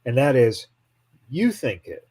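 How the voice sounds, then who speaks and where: Husky, lively male podcast co-host. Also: mid-range voice, unhurried. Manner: emphatic, eager interjections. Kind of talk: casual podcast chat.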